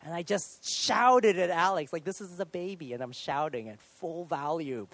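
A man in his thirties preaching a sermon, telling a personal story in an animated, self-deprecating way with sudden loud outbursts. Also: high-pitched, brisk, hardly any pauses, dry recording. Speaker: pastor.

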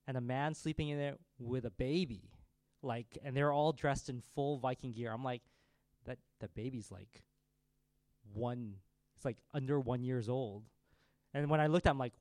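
A man in his thirties preaching a sermon, telling a family story in a conversational, animated way. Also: medium pitch, no room sound.

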